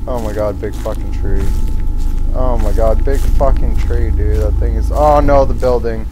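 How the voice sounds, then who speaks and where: A man's voice: medium pitch, a little slow, music in the background. A young man streaming a horror game, panicking, screaming and swearing, then muttering sarcastic asides. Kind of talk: gaming stream commentary. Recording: noisy gameplay recording.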